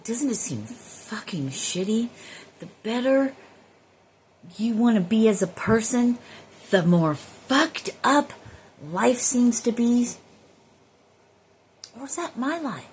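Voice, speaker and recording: A woman's voice: on the high side, sing-song, takes it slowly, long pauses, darkish tone, a little hiss or hum. A woman vlogging at home, musing casually on spiritual ideas in a rambling way and swearing freely.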